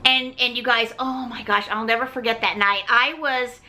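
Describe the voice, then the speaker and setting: A woman's voice: on the high side, steady tone, normal speed, pushed and bright. A middle-aged woman hosting a vlog, telling a personal story in a chatty way and often turning to her viewers. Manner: chatty, keeps saying "you guys". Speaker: vlog host.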